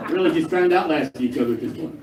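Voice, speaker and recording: An older man performing a stand-up routine on stage, gruff and profane with punchy, jumpy delivery. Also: a little high, very fast. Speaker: stand-up comedian. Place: live comedy club stage. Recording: echoey live room, mic far, crowd noise. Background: audience laughter.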